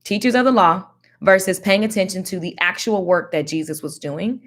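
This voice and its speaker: A woman giving casual Bible teaching in a slangy, animated, preachy way. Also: fairly low pitch, moderate pace. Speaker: faith teacher.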